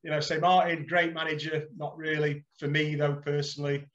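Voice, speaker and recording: A middle-aged man, a guest on a podcast, telling animated anecdotes and acting out the dialogue with frequent laughter. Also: on the high side, a little fast, muffled recording. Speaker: guest, former footballer. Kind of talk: casual podcast storytelling.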